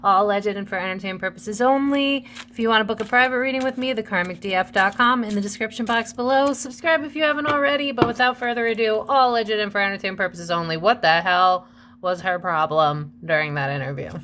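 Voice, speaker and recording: A young woman hosts a casual tarot reading straight to camera, chatty and gossipy, calling her viewers besties. Her voice is bright and forward at a mid pitch. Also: fast talker, slight background noise. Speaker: tarot reader and channel host.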